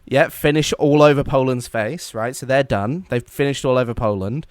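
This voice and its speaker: Male podcast co-host, jokey storyteller, smooth resonant voice, dry recording. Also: mid-range voice, normal speed, no room sound. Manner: jokey storytelling, acts out silly quoted voices. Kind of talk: casual comedic history chat.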